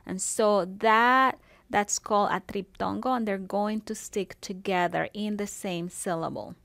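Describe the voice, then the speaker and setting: A woman's voice: mid-range voice, pushed and bright, no echo. A woman teaching a Spanish class on video, explaining grammar in a patient way and checking in with "okay" and "see".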